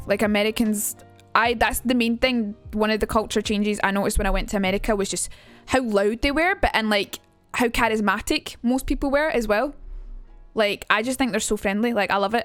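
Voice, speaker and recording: A woman's voice: medium pitch, fairly bright tone, no echo. A young woman chatting casually on a live stream, rambling with lots of fillers. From United Kingdom.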